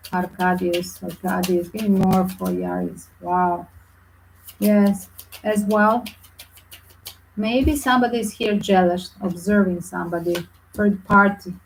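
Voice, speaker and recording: A woman with reading tarot cards for viewers, chatty and animated, with small slips in her phrasing. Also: medium pitch, a little hiss or hum, poor audio. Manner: chatty, animated, non-native English with slips. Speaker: tarot reader.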